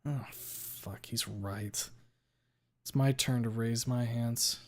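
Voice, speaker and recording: Slow, deliberate male story reader. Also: medium pitch, steady tone. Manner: unhurried, sometimes rereads a stumbled line. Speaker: streamer reading a story aloud. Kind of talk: first-person story reading.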